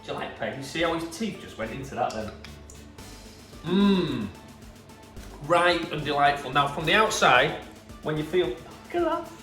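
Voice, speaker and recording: A man's voice: on the high side, sing-song, a little fast, bright, forceful tone. Gushing Yorkshire produce man, echoey room. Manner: enthusiastic, gushing about produce. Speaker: produce seller. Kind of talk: casual product demonstration. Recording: echoey room, distant mic, faint music.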